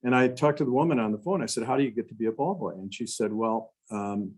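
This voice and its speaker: An older man with a low, husky voice tells stories as a guest speaker. He acts out the quotes and keeps adding "you know" between his restarts. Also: fast, a little mellow, low-quality recording. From Wisconsin. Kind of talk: storytelling talk to a club.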